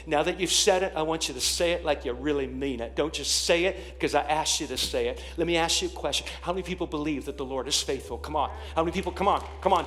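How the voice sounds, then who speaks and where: A man preaching a sermon as pastor, leading the congregation in call-and-response and building to shouted declarations. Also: a little high, fairly quick, a little hiss or hum.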